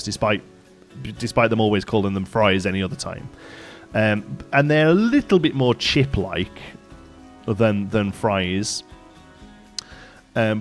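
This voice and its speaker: A man from Staffordshire, England, with a voice on the low side, streams a game live and answers chat by reading it aloud. His casual talk rambles, with many fillers and restarts.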